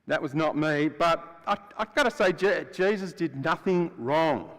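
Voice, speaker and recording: A preacher playing Barabbas, blunt ex-prisoner. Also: male voice, fairly high pitch, a little slow, natural voice. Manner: chatty, storytelling, swings between loud and hushed. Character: adult male prisoner Barabbas, rough and blunt. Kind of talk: first-person dramatic monologue in a sermon. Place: church. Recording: long church hall reverb.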